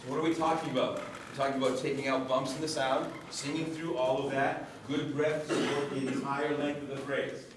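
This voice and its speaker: A man's voice: medium pitch, level tone, fairly quick, noisy background. Distant male vocal coach in echoey room. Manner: instructive, checks in with "right?". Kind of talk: choir coaching session. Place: rehearsal room with a chorus.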